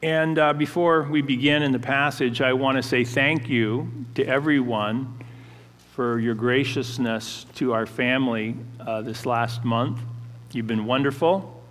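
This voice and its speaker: A man pastor giving a conversational sermon, halting with fillers and restarts. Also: medium pitch, steady tone, fairly bright tone, in a large hall.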